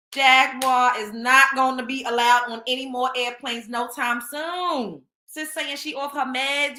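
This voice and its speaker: Woman, high-pitched, bright, animated gossip commentary, echoey room. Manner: animated, slangy, laughs often. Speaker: show host. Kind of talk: casual commentary.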